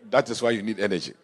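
Delivering a church sermon full of stories, a pastor with a lowish male voice moves from hushed asides to shouted calls.

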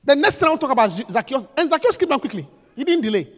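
A man preaching a sermon, emphatic and repetitive, swinging between hushed lines and shouts. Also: extremely high pitch, big pitch swings, racing, in a large hall.

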